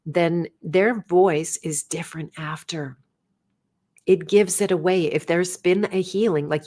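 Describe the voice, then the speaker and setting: A middle-aged woman with a voice on the low side hosts a livestream and coaches, chatting casually and rambling with frequent self-corrections.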